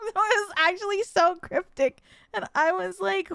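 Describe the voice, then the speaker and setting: A young woman streaming a game and telling a story in casual chat, animated and quick to laugh. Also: very high-pitched, vocal fry, no echo. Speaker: VTuber streamer playing a game.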